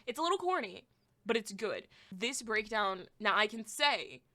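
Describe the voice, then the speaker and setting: A young woman talks through an album on her podcast in a loose, casual review. Her voice is bright and forward, and she gets excitable, blunt and foul-mouthed, gushing over what she loves and bluntly trashing what she hates. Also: mid-range voice, normal speed. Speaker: podcast host.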